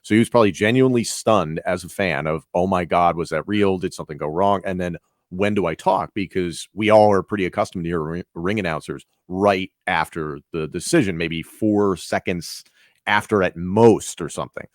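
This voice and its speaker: A man who works as a wrestling commentator, a guest in a casual interview, giving thoughtful, measured explanations. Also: sits low, no room sound, clean studio sound.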